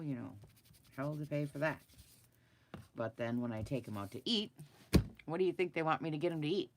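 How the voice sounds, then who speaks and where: A woman's voice: sits low, vocal fry, heavy background noise. A middle-aged woman chatting bluntly and animatedly with live viewers from her desk while she draws, laughing often. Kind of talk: casual chat while drawing. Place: at a desk indoors.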